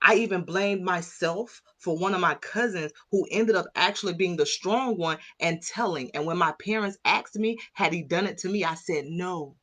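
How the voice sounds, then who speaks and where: A woman's voice: on the low side, fairly bright tone. Impassioned woman giving a motivational talk. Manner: impassioned, preacher-like, addresses listeners as y'all. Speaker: mindset coach.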